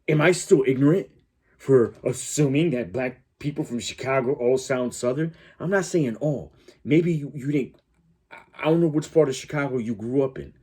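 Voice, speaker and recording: A man's voice: medium pitch, dark tone, husky. A man hosting a reaction video, talking in a blunt, profane, argumentative way. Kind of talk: casual reaction commentary.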